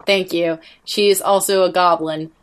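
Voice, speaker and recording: A woman's voice: fairly low pitch, fairly even intonation, unhurried, clear, resonant tone. Chatty woman on a computer mic. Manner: chatty, laughs often, swears casually. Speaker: podcast co-host. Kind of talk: casual chat. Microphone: computer microphone.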